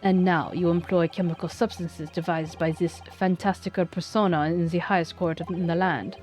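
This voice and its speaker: A woman's voice: fairly low pitch, fairly even intonation, moderate pace, a little mellow, faint music behind, lightly acted. Woman reading a pompous aristocratic prosecutor. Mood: scornful. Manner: pompous, disdainful. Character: haughty, scornful aristocratic male prosecutor.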